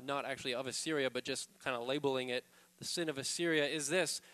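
A man's voice: a little high, fairly bright tone, big-room sound. A man preaching a sermon as pastor, earnest and conversational, asking pointed rhetorical questions and adding casual asides.

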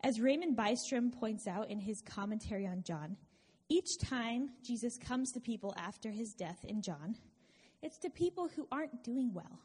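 A woman with a slightly high, breathy voice preaches a sermon. She keeps it conversational and earnest and drops in small wry asides. Her voice carries a long reverb, as in a large hall. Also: animated, moderate pace, darkish tone.

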